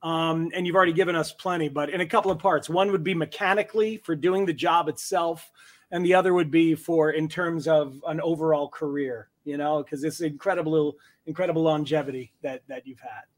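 A male podcast host asking rambling, halting interview questions. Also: on the high side, steady tone. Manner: halting, with fillers and restarts.

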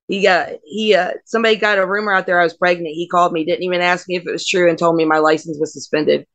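A woman's voice: on the low side, a bit bright, no echo. A middle-aged woman, a wrestler, telling blunt, brash stories in a casual interview and laughing through them. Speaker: wrestler, guest.

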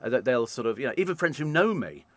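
Lively radio presenter telling stories. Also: male voice, medium pitch, quick pace, slight background noise. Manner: animated anecdotes, acts out quoted voices. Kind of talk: storytelling in an interview.

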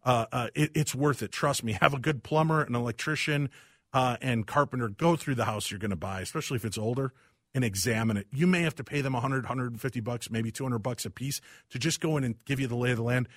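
A male host tells stories with lively, self-mocking energy. He is recorded close on a dry mic with no room sound. His pitch sits in the middle for a man. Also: fast talker, no echo. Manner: animated, self-deprecating storyteller. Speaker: radio show host. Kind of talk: casual chat.

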